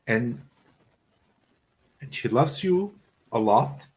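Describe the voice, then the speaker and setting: A man giving a live psychic reading as the guest medium, his voice sitting at an ordinary middle pitch. He stumbles, restarts and repeats his words as he gets emotional. His delivery is sincere and halting. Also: animated, darkish tone, slightly rough.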